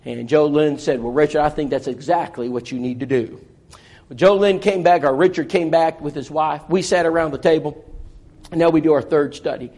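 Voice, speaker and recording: High-voiced preacher telling a story. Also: male voice, a little fast, darkish tone. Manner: acts out dialogue from a story, earnest and folksy. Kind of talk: sermon with storytelling.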